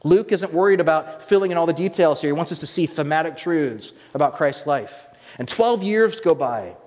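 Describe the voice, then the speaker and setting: A man's voice: on the high side, normal speed. Man preaching in a reverberant hall. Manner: animated, acts out quoted voices. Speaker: pastor. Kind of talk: sermon.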